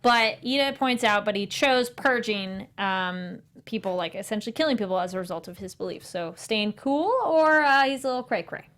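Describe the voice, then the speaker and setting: A woman hosting a casual anime review chat, talking fast and acting out lines from the show. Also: medium pitch. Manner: chatty, animated, acts out quotes. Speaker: host.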